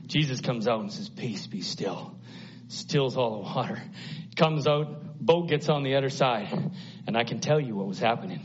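A man preaching a sermon at a church service, dramatic, acting out the voices in the story and swinging from hushed to loud. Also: medium pitch. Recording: dull lo-fi sound.

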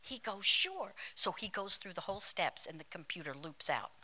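Preaching emphatically in church, this woman pastor tells funny stories, slips into dramatic whispers, and calls out to her congregation. She speaks briskly in a lowish, bright, forceful voice, captured in a low-quality recording.

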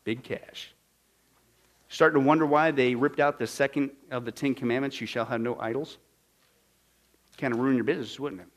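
A man's voice: mid-range voice, steady tone, moderate pace, long pauses, a little hiss or hum. A man preaching a sermon, reading passages aloud and answering them with rhetorical questions and sarcastic asides.

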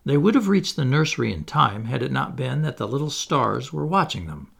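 A man reading a children's story aloud as narrator, in an expressive, playful way. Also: medium pitch, a little fast, creaky, breathy edge. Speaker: audiobook reader.

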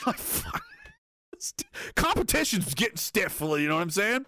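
Guy on a livestream reading chat, swears constantly, laughing, kinda high voice, super dry sound. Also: very animated, moderate pace, sharp tone, no echo. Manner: profane, laughing, sarcastic riffing.

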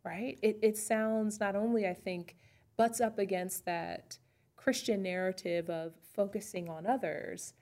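Woman pastor on a podcast, mid pitch, thinking out loud, lots of restarts. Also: fairly even intonation, measured pace. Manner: thoughtful, searching, with restarts. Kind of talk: casual faith chat.

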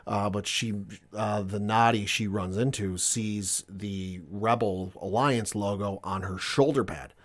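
A man's voice: on the low side, steady tone, a little slow, few pauses. Man animatedly retelling a show plot. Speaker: podcast co-host. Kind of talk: casual chat.

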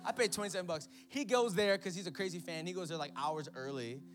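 A man preaching an energetic sermon in church, telling a story and calling out to the congregation. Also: high-pitched, fast talker. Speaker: pastor.

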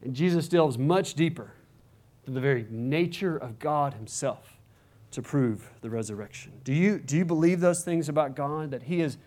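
High-voiced man preaching conversationally. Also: moderate pace, a little mellow. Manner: conversational preaching with rhetorical questions. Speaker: pastor. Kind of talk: sermon.

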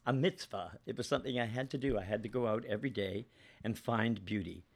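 A man with a gravelly, creaky voice chats as a guest, wandering from story to story. He pokes fun at himself and laughs easily as he talks. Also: lowish voice, a little fast. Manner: meandering, self-deprecating storytelling with laughter. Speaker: guest, actor and photographer. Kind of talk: casual interview chat.

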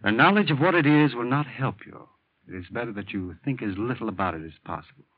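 A man playing a formal, measured doctor in a 1940s radio drama. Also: mid-range voice, expressive, slightly rough, dry recording. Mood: calm. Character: calm, guarded middle-aged male doctor. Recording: dull, dry lo-fi old radio recording.

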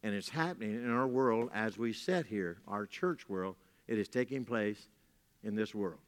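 A man's voice: on the low side, normal speed. Folksy man preaching in a reverberant hall. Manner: folksy, repeats key lines for emphasis. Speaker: pastor. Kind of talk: sermon. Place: church hall. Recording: long reverb from a church hall.

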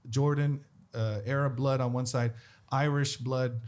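A man's voice: medium pitch, measured pace. A man, a guest in a casual talk, telling stories and acting out the people in them. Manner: animated, acts out the people in his stories. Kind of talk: casual storytelling.

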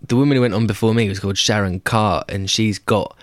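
A young man tells stories in a loose, rambling way, laughing and swearing as he goes. His voice sits a little low. The sound is dry and close to the mic. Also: fairly even intonation, quick pace, no echo. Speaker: stand-up and music performer. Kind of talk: casual podcast chat.

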